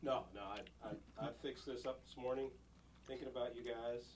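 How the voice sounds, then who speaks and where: A man's voice: medium pitch, steady tone, fairly quick, darkish tone, a little hiss or hum. A playful man chatting on a radio wine show and ribbing the others. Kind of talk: casual chat.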